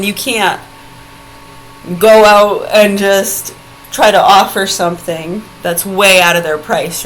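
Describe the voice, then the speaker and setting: A woman's voice: lowish voice, a bit bright, a little hiss or hum, low-quality recording. A woman ranting angrily into her phone video, confrontational and profane. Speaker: vlogger. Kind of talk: angry direct-to-camera rant.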